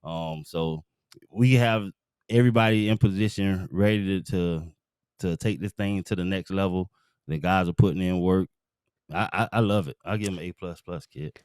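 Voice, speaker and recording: A man with a very low, smooth, resonant voice, talking sports as a show guest. He speaks loosely in slang, with lots of fillers and pauses. The sound is close and dry. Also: darkish tone, no room sound. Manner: laid-back slang, many fillers. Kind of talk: casual sports talk.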